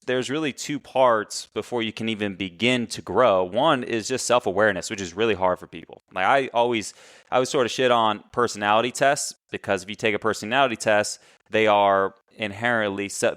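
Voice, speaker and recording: A man as a podcast guest and coach, talking in casual, animated conversation and telling stories, often correcting himself. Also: on the low side, dry recording, clean studio sound. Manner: animated storyteller, chatty, self-correcting.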